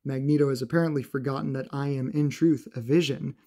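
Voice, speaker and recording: A man's voice: mid-range voice, fairly even intonation, fast, dark tone, close to an everyday voice. A man voicing a solemn male android hero, speaking in stiff, old-fashioned heroic phrasing.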